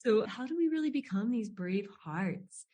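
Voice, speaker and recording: A woman's voice: fairly high pitch, animated, normal speed, mellow. A woman hosting a spiritual podcast interview, reflecting and asking long searching questions. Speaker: podcast host. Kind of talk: interview conversation.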